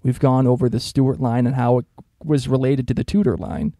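A man's voice: mid-range voice, fairly even intonation, a little fast, mellow, no echo, clean studio sound. A man co-hosting a casual history podcast, explaining things with jokes and frequent laughs. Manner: joking, laughs often while explaining. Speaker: podcast co-host.

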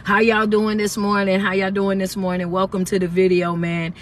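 A woman's voice: mid-range voice, completely flat delivery, normal speed, a little hiss or hum. A woman motivational speaker and life coach who energetically greets her live viewers and preaches about the new year. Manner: preacherly, urges listeners to take notes. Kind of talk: live-stream motivational talk.

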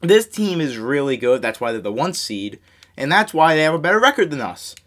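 A young gaming YouTuber with a high, light voice gives fairly quick live commentary on his basketball video game as he plays. He's excitable, yelling at big plays, scolding his teammates and making fun of his own mistakes.

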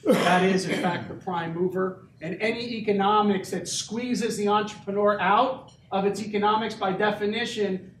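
Male professor, high-pitched, conversational lecture style, recorded from a distance in a lecture hall with faint background noise. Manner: conversational, asks the audience questions. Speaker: economics professor. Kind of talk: university lecture. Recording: echoey hall, mic from a distance.

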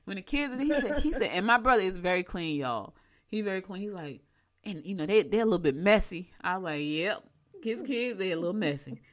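A middle-aged woman, co-hosting a morning show in casual chat, reading horoscopes and telling animated stories. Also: medium pitch, fast. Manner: chatty, animated storytelling.

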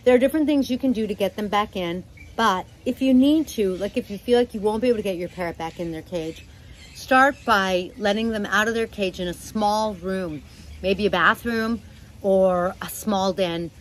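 A relaxed woman with a mid-range voice gives easygoing, chatty advice and speaks gently. She talks at home, and a faint noise sits behind her. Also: medium pitch, poor audio. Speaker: parrot channel host. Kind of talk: casual instructional talk.

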